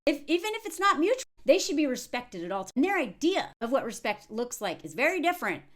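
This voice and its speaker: A woman in her thirties talks through a reality show in a loose, chatty way. Her voice sits high and swoops a great deal. She slips into mocking impressions whenever she quotes someone. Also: fast. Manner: animated, quoting others in mocking voices. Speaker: commentator reviewing a reality show. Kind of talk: casual commentary.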